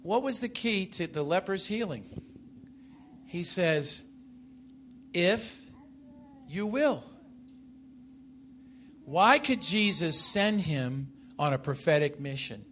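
A man preaching with a bright, fairly high voice. He speaks slowly, swings between loud declarations and low, intense passages, and keeps putting questions to his listeners. Faint noise sits behind him. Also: expressive. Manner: emphatic, rises and falls in pitch and loudness, asks the congregation questions. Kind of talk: sermon.

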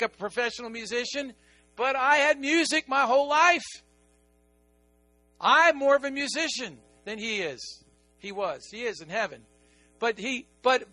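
A middle-aged man preaching a sermon as pastor, animated, moving from quiet asides to excited emphasis. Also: very high-pitched, no room sound.

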